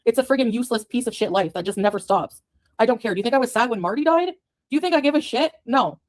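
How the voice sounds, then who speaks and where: A woman's voice: fairly high pitch, lively intonation, fast talker. A woman in a played clip delivering an angry, profane rant to the camera, scornful and cursing at her critics.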